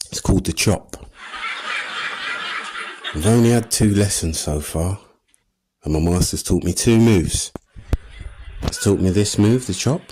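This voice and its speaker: A man in his thirties with an East London accent doing a stand-up comedy set, animated and streetwise, acting out little scenes. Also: lowish voice, a little hiss or hum, low-quality recording. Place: comedy stage before a live audience.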